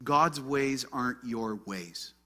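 A man preaching a sermon, earnest and emphatic, moving from hushed prayer to loud stress. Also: medium pitch, slow. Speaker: pastor.

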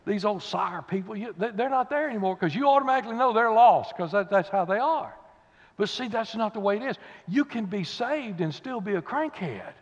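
Preacher, high animated voice swooping all over, folksy fire-and-brimstone delivery, dull recording with long church reverb. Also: male voice, fairly quick. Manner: folksy Southern preacher, swinging from low murmurs to loud cries. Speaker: pastor. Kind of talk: fiery revival sermon. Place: church sanctuary.

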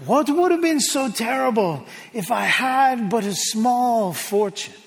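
A man's voice: very high-pitched, lively intonation, unhurried, vocal fry, pitched above the performer's own voice, exaggerated voice. A man doing a poor farmer pleading wryly with God. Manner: wry, pleading theatrical delivery. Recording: echoey hall reverb.

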